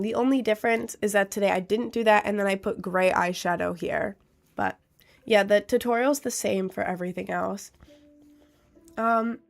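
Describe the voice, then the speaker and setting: A woman's voice: medium pitch, vocal fry. Congested, nasal young woman streamer. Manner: chatty, with many fillers like "um" and "like". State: congested after a cold. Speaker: livestreamer and musician. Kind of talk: casual livestream chat, reading viewer comments aloud.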